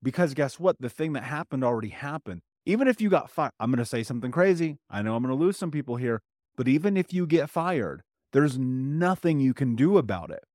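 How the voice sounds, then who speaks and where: A man's voice: medium pitch, very animated, a little fast, a little mellow, dry recording, studio quality. A man who is a trauma healing coach, giving a motivational solo podcast talk in a direct, plain-spoken way that often checks in with "right?". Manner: plain-spoken, with casual swearing.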